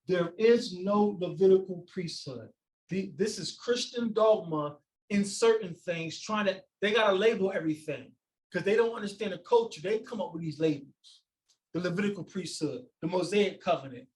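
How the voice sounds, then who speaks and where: A man's voice: high-pitched, poor audio. A man preaching and teaching scripture, emphatic and scolding, repeating his points and firing rhetorical questions. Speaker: teacher leading a scripture study. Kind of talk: fiery preaching and Bible teaching.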